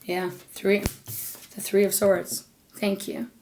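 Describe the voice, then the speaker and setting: A woman's voice: medium pitch, little pitch movement, slow, vocal fry, noisy background. Earnest woman reading tarot cards. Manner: earnest, emotional, speaking straight to the viewer; talks aloud to Spirit between cards. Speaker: tarot reader. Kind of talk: unscripted intuitive tarot reading.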